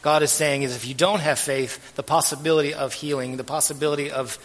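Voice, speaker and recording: A man preaching a sermon as pastor, earnest and measured, letting his phrase ends trail off softly. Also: a little high, steady tone. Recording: long hall reverb.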